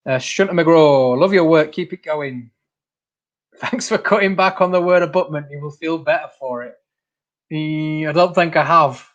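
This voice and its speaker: A man's voice: on the high side, moderate pace, lo-fi sound. A man hosting a casual livestream, reading out viewer comments, laughing often and calling people mate. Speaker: channel host.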